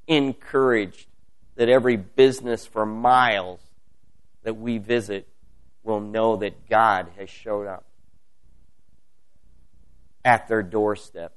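Fervent man praying aloud, unhurried. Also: fairly low pitch. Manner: fervent, repetitive petitions. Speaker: prayer leader. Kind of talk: spontaneous spoken prayer.

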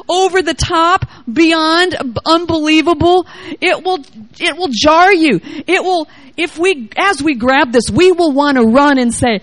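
A woman preaches a charismatic sermon in a high, bright-sounding voice. She reads scripture aloud and riffs on it with great exuberance, shouting praise one moment and murmuring the next. The sound is dry, with no room echo. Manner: exuberant, swings between loud exclamations and quiet asides.

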